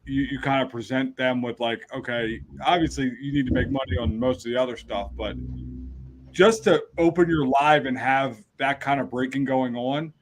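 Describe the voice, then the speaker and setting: A man hosting a podcast, asking questions in loose, relaxed chat with fillers. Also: mid-range voice, moderate pace, slight background noise. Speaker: podcast host. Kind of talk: casual interview chat.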